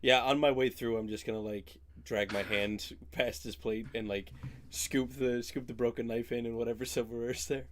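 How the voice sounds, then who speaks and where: A man's voice: mid-range voice, steady tone, moderate pace, a little hiss or hum. Male player, playful banter, faint keyboard clicks behind. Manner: playful, joking.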